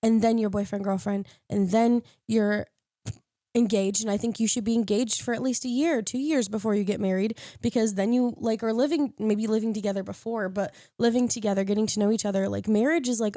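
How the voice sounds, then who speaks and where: A woman's voice: mid-range voice, a little fast, warm tone, dry recording, clean studio sound. A young woman on a podcast panel, candidly telling a personal story in casual chat and acting out what others said. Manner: candid storytelling, acts out quoted lines.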